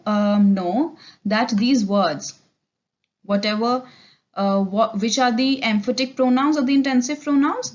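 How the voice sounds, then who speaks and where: A woman's voice: fairly high pitch, highs cut off. A woman with an Indian English accent giving a classroom lecture on English grammar, explaining patiently and switching between Hindi and English mid-sentence. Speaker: English olympiad teacher.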